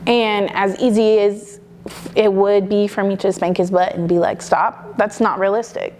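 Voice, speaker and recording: A woman's voice: mid-range voice, steady tone, moderate pace, darkish tone. A young adult woman, a mother, talking candidly in a casual interview, with many fillers. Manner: chatty and candid, many "you know" and "like" fillers.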